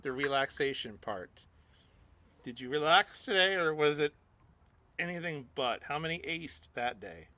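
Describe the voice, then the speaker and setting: This is a man hosting a radio show, trading jokes with his co-host. His pitch bounces all over and his tone is bright and forward. The studio mic sounds dry and close. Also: unhurried, dry recording. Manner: jokey, animated, reads out national days. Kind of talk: casual on-air banter.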